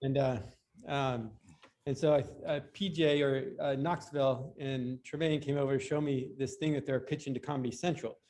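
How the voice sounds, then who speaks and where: A man's voice: mid-range voice, steady tone, normal speed, darkish tone. A man who is a guest on a podcast, telling long stories in casual talk with many restarts and fillers. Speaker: guest, BMX rider. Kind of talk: casual interview storytelling.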